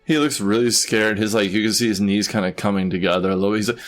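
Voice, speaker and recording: A man's voice: lowish voice, steady tone, quick pace, hardly any pauses, soft background music. A man narrating as game master in a tabletop game, describing scenes casually with many fillers.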